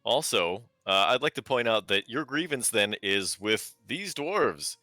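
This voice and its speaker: A man playing a calm, persuasive diplomat. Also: on the low side, a little slow, no echo, clean studio sound, faint music behind. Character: smooth-talking male diplomat adventurer.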